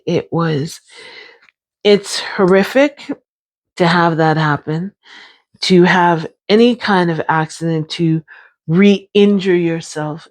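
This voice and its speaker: Slow, low-voiced woman. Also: a little mellow. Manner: candid, unhurried and emphatic, with repeated phrases. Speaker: brain injury survivor sharing her experience. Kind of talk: personal vlog talk.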